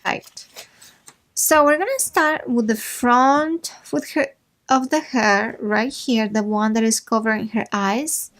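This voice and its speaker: A woman walks viewers through a drawing step by step, taking her time. Her voice sits a little high, and she chats loosely as she works, joking and muttering to herself along the way. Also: slow. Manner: chatty and relaxed, talks to herself while drawing, playful asides. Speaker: drawing tutorial host. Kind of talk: casual drawing instruction.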